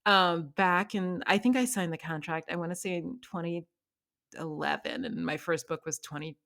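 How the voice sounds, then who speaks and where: Low-voiced chatty woman host. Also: moderate pace, fairly bright tone. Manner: chatty, laughs often, many fillers. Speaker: podcast host. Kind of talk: casual interview chat.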